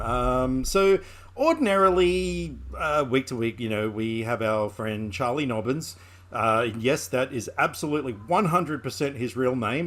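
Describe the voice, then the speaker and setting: A man's voice: mid-range voice, fairly bright tone. A man hosting a podcast in casual chat, joking and rambling and laughing often. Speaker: podcast host.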